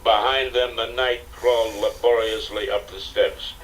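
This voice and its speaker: An older man narrating an audiobook in a steady, dramatic storytelling manner, on a distant, hissy cassette recording. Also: on the low side, measured pace. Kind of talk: scripted narration.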